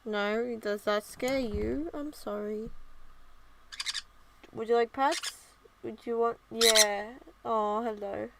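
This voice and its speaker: Woman, mid-pitched, soft cooing pet talk, casual vlog, noisy recording with a bird in the background. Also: steady tone, slow pace, creaky. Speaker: vlogger. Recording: loud background noise.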